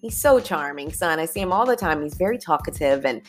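A woman's voice: sits low, lively intonation, brisk. A woman hosting a casual motivational talk, chatty and upbeat, who calls her listeners y'all and leads them through breathing. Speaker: podcast host.

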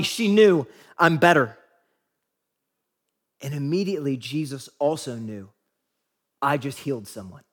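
A man with a fairly high voice preaches a sermon. He keeps it conversational and chatty, checks in with his listeners, and briefly acts out the people he quotes. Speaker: pastor.

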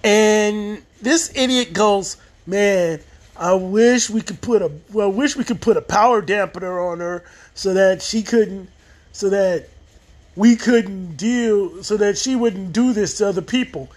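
A TV show reviewer with a high, unhurried voice casually recaps an episode. He rambles, restarting his sentences, and acts out the quoted lines as he retells it.

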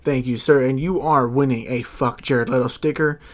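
A young man runs a podcast in loose, joking talk, swearing freely and tripping over his own words. His voice sits at an ordinary male pitch. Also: fairly even intonation, moderate pace. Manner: loose, profane, laughing, stumbles over words. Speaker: podcast host. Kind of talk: casual podcast chat.

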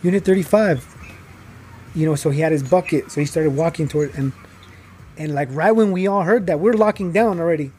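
A young man, telling a personal story in casual talk, animated and full of fillers, acting out the people he quotes. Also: fairly high pitch, fairly quick, a little hiss or hum. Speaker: guest telling his story.

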